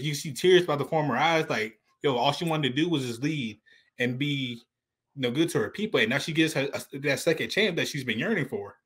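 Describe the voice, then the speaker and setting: Man rambling excitedly about a TV episode. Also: mid-range voice. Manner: rambling, many restarts and "like, yo". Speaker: guest co-host. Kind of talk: casual show review chat.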